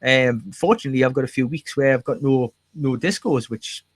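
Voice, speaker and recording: A man's voice: mid-range voice, a little fast, dry recording. A man hosting a casual, rambling, jokey chat. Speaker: podcast host.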